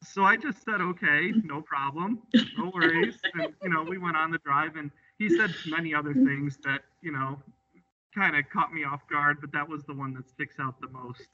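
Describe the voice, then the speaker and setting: Man telling examiner anecdotes, bright voice. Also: a little high, normal speed. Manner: easygoing, recounts with quoted dialogue. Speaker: drive examiner. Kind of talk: storytelling in an interview. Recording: slightly distant, muffled audio.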